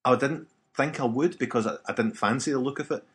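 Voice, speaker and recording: A man's voice: mid-range voice, fairly quick. A man, co-hosting a casual podcast chat and rambling through his opinions with lots of restarts. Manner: chatty, rambling, frequent restarts and fillers. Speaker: podcast co-host. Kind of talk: casual chat about video games.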